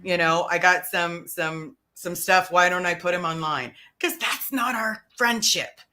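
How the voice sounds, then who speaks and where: A woman's voice: lowish voice, measured pace, sharp tone. A woman hosting a casual livestream, talking in a chatty, rambling way. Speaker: livestream host.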